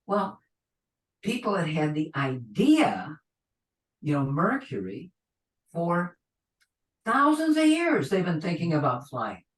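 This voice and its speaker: A man's voice: on the high side, wildly swooping pitch, slow pace, pauses often. A man, an astrologer, giving a conversational webinar lecture that rambles and acts out people's reactions. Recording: echoey room, distant from the mic.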